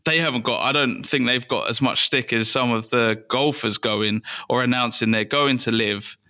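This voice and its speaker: A relaxed man chats as a podcast guest. His voice is bright and mid-pitched, and he often restarts his sentences as he thinks aloud. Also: normal speed. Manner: relaxed and chatty, with frequent restarts. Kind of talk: casual interview chat.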